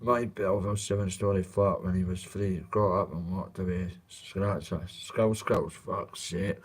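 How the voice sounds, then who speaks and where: A Scottish man with a fairly low voice, talking off the cuff on a live stream. He is blunt and candid, swears freely and speaks warmly to his viewers. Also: steady tone, a little slow, breathy edge. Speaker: livestreamer reading chat. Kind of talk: casual live-stream chat.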